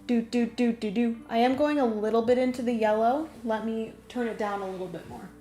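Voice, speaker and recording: A young woman hosting a livestream, chatting casually with viewers in a bubbly, excitable way and laughing often. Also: on the high side, fairly quick, soft background music. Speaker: livestream host. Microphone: desk microphone.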